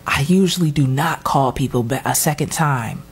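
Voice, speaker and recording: Woman, low voice, casual storyteller who acts out other people's lines; unhurried chat. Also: breathy edge. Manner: animated storyteller, acts out quotes with high squeals and laughs.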